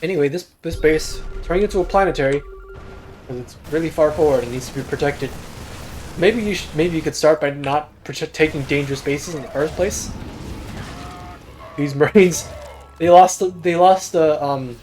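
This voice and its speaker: A man's voice: on the high side, normal speed, darkish tone, faint music behind. A young man giving casual, self-deprecating solo commentary on a strategy game replay. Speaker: game caster.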